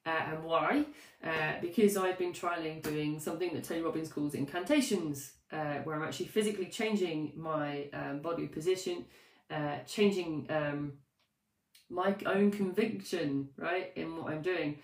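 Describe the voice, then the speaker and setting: A woman coach talks through a live-streamed lesson in a somewhat low voice. She rambles with fillers and restarts and teases herself as she goes. Her voice sits back from the mic in a roomy, echoing space. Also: moderate pace, far from the mic. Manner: chatty and animated, with many fillers, restarts and self-mocking asides. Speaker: life coach.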